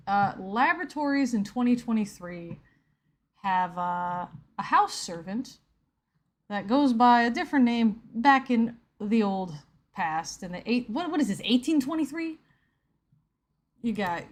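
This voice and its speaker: A woman hosting a live reaction video, commenting on a comic with sarcastic, incredulous, rambling asides. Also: medium pitch. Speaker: YouTube host.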